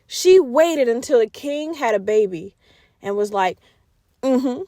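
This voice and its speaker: A woman hosting a podcast, retelling a film plot as animated, profane, slang-heavy comedic storytelling. Her voice sits high. The recording is close and dry, with no room sound. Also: a little slow, no room sound. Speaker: podcast host.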